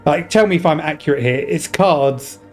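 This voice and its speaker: A man's voice: on the high side, normal speed, soft background music. A young man streaming a game, chatting casually with viewers, rambling and laughing often. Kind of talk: casual gaming commentary.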